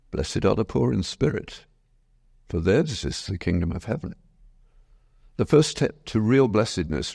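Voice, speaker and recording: Deep, gravelly man giving a lively talk. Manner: animated storyteller, asks the audience questions. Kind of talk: lecture to a live audience.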